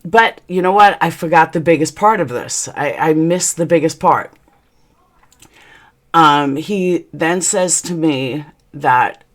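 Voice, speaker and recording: A woman telling a personal story in a vlog, blunt and heated, swearing freely and rambling through quick asides. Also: sits low. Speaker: channel host.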